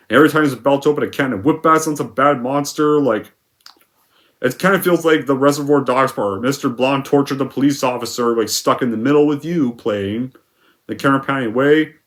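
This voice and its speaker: Young male reviewer, rambling rant style, swears freely, plain middle pitch. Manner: rambling, profane, frequent restarts and fillers. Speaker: movie reviewer. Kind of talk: ranting film review.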